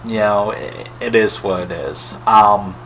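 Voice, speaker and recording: A man's voice: fairly low pitch, measured pace, fairly bright tone, a little hiss or hum, rough recording. A man giving a casual, rambling film review in a wry, critical way. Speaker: movie reviewer.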